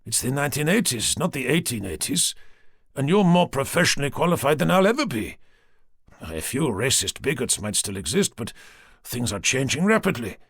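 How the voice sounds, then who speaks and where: A man's voice: medium pitch, sing-song, normal speed, a bit bright, dry recording, clean studio sound. A man reading an audiobook voices a passionate, stubborn police inspector who speaks urgently. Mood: urgent, heated.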